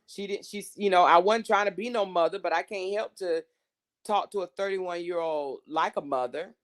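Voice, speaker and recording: Blunt, animated woman telling stories. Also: fairly low pitch, moderate pace. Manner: blunt, swears freely, animated retelling. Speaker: podcast co-host. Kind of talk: casual gossip chat.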